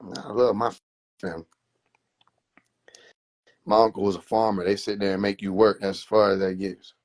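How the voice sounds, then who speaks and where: A man hosting a livestream, telling family stories in a casual, profane, animated way with frequent laughter. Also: on the low side, normal speed. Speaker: livestream host.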